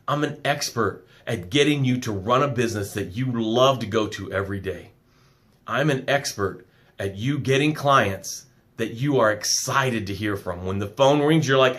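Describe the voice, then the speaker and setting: A man's voice: mid-range voice, animated, unhurried, a bit bright. A man running a motivational live stream as a business coach, reading out viewer comments and talking emphatically and affectionately.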